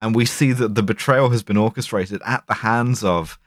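Low-voiced man recapping a film, profane. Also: moderate pace, no echo. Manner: profane, rambling, animated recap with quoted voices. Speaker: podcast host recapping a film. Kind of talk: casual chat.

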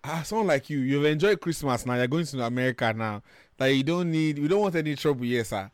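A man's voice: fairly high pitch, expressive, quick pace, clean tone, no room sound, studio quality, close to an everyday voice. A man doing a brusque airport officer. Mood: dismissive.

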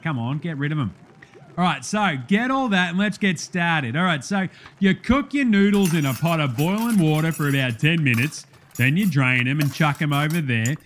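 A man's voice: sits high, a little hiss or hum, close to an everyday voice. A man doing a brash Aussie cooking-show bloke. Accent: Australian. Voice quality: loud, matey, slangy, laughing at himself. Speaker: comedy cooking show host. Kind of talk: comedy sketch.

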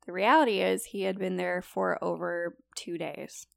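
A woman's voice: fairly low pitch, fairly even intonation, moderate pace, creaky, dry recording. A young woman casually telling a true story on a podcast, chatty and full of likes and you-knows.

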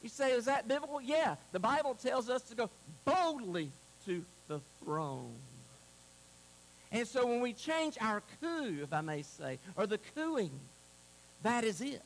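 A man preaching a sermon to a congregation, moving between loud exclamations and a hushed altar call. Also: very high-pitched, big pitch swings, slow, gravelly, slight background noise, poor audio. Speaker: pastor. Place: church sanctuary.

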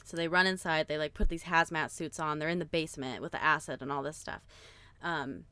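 A young woman with a notably low-pitched voice talks through a film's story in a relaxed podcast chat. She fills her sentences with "like" and lets the odd swear word slip as she builds the tension. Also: brisk, clean tone, dry recording. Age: young adult. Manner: animated storyteller, frequent "like", swearing. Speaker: podcast co-host. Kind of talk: casual chat, retelling a film plot.

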